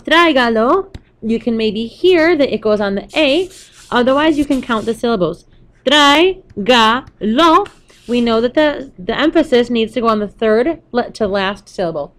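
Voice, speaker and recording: A woman teaching a recorded Spanish lesson to students over slides, explaining patiently step by step with a few fillers along the way. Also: on the high side.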